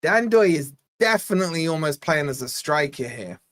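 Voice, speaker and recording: A man's voice: a little high, expressive, normal speed, fairly bright tone. A man born in Scotland hosting a live football watch-along, giving casual play-by-play and bantering with his chat. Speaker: fan channel host.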